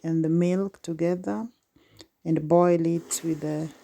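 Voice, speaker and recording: A woman's voice: sits low, fairly even intonation, slow, vocal fry, warm tone. A woman vlogging from village life, talking casually and straight to her viewers. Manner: chatty, speaks straight to viewers.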